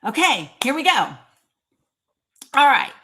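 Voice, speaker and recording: A woman's voice: sits high, very animated, unhurried, bright, forceful tone, slight background noise. A woman with a Northeast Tennessee accent hosting a live stream, chatting emphatically and calling out commenters by name. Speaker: livestream host.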